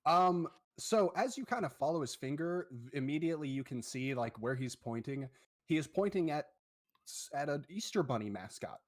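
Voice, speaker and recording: A man's voice: fairly high pitch, lively intonation, moderate pace. A man narrating a tabletop game as the game master, describing scenes in a loose, descriptive way.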